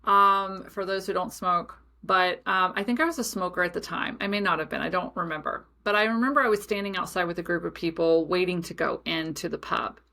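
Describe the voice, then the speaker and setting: A young adult woman hosting a podcast, telling a personal story in a chatty, animated way with many asides. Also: on the low side, a little fast, vocal fry, hardly any pauses. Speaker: podcast host. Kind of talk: casual storytelling monologue.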